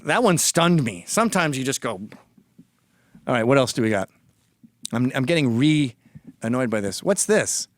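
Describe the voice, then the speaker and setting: A man's voice: a little high, no echo, studio quality. Heated, sarcastic middle-aged male commentator. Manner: sarcastic and heated, swears often, quotes tweets back. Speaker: commentator reading tweets on his show. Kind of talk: profane opinion commentary.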